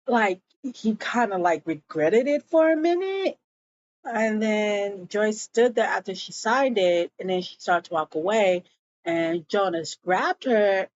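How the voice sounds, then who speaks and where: A woman's voice: mid-range voice, slow pace, a little mellow, highs cut off, slight background noise. A woman casually recapping a TV episode, slangy and laughing often. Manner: slangy and laughing, says yo a lot. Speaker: show recap vlogger.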